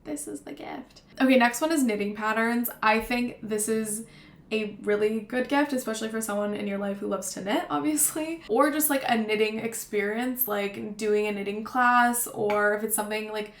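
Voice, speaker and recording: A woman's voice: a little high, fairly even intonation, moderate pace. A young woman chatting casually about gift ideas, rambling with lots of fillers. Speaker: vlogger. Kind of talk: casual gift-guide talk to camera. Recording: roomy echo.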